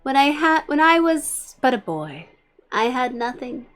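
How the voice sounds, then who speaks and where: A woman voicing a scheming male Gollum-like bishop, who preaches a sermon in a drawn-out, hissing, wheedling way. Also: high-pitched, very animated, fairly bright tone, faint music behind, pitched above the performer's own voice, exaggerated voice. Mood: pleading. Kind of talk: fire-and-brimstone sermon role-play.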